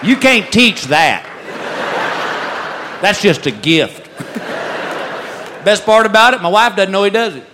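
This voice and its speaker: A married man doing a stand-up comedy set, telling stories with deadpan, drawn-out punchlines. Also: sits high. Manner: deadpan storytelling with drawled punchlines. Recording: live club mic with audience noise. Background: laughing crowd.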